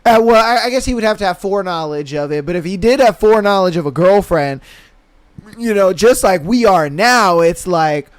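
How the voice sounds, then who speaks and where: High-voiced, slangy male podcast host. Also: lively intonation, normal speed, smooth, no room sound. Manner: slangy, laid-back, laughs often. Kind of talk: casual solo podcast commentary.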